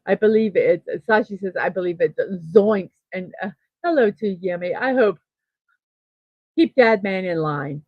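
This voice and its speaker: A middle-aged woman hosting a casual morning livestream, thinking aloud and reading out chat messages with soft laughs. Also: medium pitch, unhurried, no echo, lo-fi sound. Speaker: host of a daily morning livestream.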